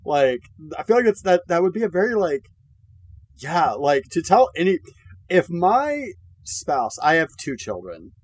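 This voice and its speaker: A man's voice: a little high, very animated, measured pace, slightly rough. A man co-hosting a podcast, easygoing and chatty. He jumps in with joking asides, and he often stammers and restarts his sentences mid-thought. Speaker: podcast co-host. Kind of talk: casual chat.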